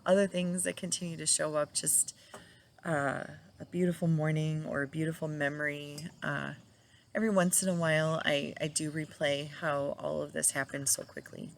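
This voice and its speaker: A middle-aged woman with a low, gentle voice speaks casually and tenderly to her viewers about life after loss. She sounds reflective and sometimes laughs softly as she remembers. There is faint room ambience behind her. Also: gravelly, a little hiss or hum. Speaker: widow sharing her grief journey. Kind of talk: casual personal talk to camera.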